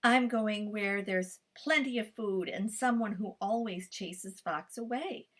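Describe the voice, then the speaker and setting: A woman's voice: medium pitch, slow pace. A woman voicing a small, clever male guinea pig trickster in a storybook reading, eager and cheeky. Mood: scheming.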